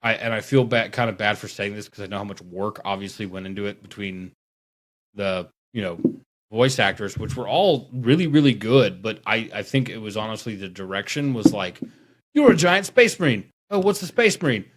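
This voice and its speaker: A man chatting casually on a podcast about wargaming, talking in a rambling, animated way. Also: lowish voice, moderate pace, a little hiss or hum. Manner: rambling, animated, mocking impressions. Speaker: podcast guest; tattoo artist.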